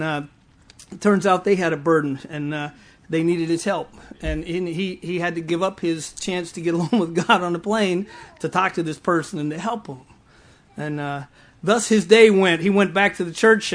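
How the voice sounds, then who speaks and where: A male preacher giving a sermon to a live congregation, telling stories with stumbling restarts and teasing laughs. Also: sits high.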